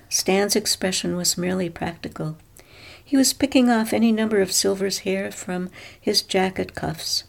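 A woman narrating an audiobook of a novel in a measured, even storytelling manner. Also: fairly low pitch, creaky.

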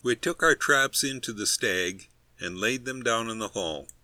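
A man's voice: medium pitch, lively intonation, unhurried, bright, forceful tone, dry recording. A man reading a humorous story aloud in a dry, wry storytelling manner. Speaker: narrator. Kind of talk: scripted narration.

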